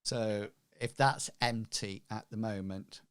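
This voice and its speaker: Unhurried halting game master man. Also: lowish voice, fairly even intonation, fairly bright tone, smooth, no echo, studio quality. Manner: halting, many ums, unhurried. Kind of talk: narrating a tabletop game.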